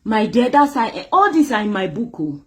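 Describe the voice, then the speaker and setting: A Nigerian woman gives an emotional personal testimony, telling her story dramatically and voicing other people. Her voice is a little high with big pitch swings, at a moderate pace.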